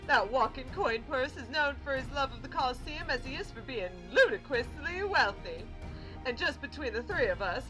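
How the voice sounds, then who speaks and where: A woman's voice: sits high, pitched above the performer's own voice, poor audio. A woman voicing a shrewd, cheerful male showman in a fan-read game story, with wry, confiding chatter. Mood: scheming.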